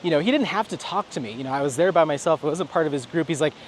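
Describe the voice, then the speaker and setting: A man's voice: on the high side, lively intonation, rapid-fire, slight background noise. Chatty man vlogging on a walk. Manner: rambling, chatty storytelling with acted quotes. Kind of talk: casual vlog on a stroll. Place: outdoors, walking.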